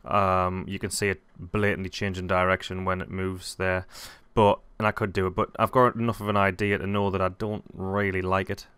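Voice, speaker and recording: Deep, flat-voiced man thinking aloud. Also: moderate pace, few pauses, clear, resonant tone, dry recording. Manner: rambling, self-correcting, thinking aloud. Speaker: software tutorial host. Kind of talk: casual screen-recorded tutorial.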